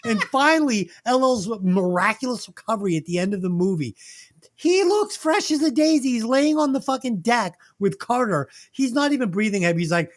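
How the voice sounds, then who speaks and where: Ranting comedy podcast host: very lively pitch, heavy profanity, loud then quiet. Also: brisk. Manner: animated, swings between loud and low. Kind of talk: casual comedic movie review.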